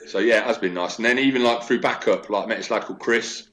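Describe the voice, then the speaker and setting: Brief: man in his forties, low voice, chatty and animated storyteller, casual interview guest. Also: fast, slight background noise.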